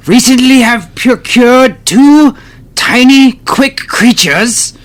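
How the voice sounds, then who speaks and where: Man doing a pious warrior, eager, grandiose, tabletop game, high voice. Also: slow pace. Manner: grandiose, formal phrasing.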